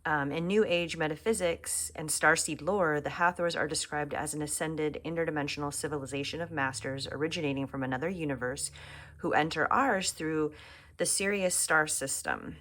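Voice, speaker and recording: A woman giving a casual tarot reading to camera at home, chatting and musing aloud and often dropping to a soft near-whisper. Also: low voice, normal speed. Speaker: tarot reader. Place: home room.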